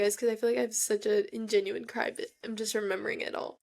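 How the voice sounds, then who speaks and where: A woman's voice: mid-range voice, little pitch movement, quick pace, creaky, hardly any pauses, darkish tone. A young woman hosting a podcast, telling a personal story with emotion and frequent filler "like". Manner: emotional, heavy use of "like". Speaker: podcast host.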